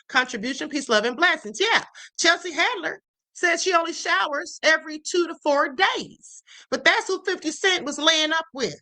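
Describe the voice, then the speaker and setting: A woman's voice: sits high, bright, forceful tone, low-quality recording. A woman hosting a livestream, chatting in a sassy casual way about gossip and often tagging lines with "okay?" and "honey.". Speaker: livestream host. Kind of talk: casual commentary on celebrity gossip.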